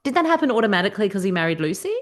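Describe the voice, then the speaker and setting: An Australian woman co-hosts a podcast in a relaxed, cheeky mood, swearing and laughing freely as they chat. Her medium-pitched voice is very animated and she races along.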